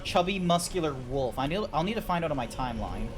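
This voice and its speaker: A man's voice: fairly high pitch, sing-song, quick pace. A man streaming a game, chatting casually in a rambling way. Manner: rambling, many fillers and restarts. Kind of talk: casual chat while gaming. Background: background music.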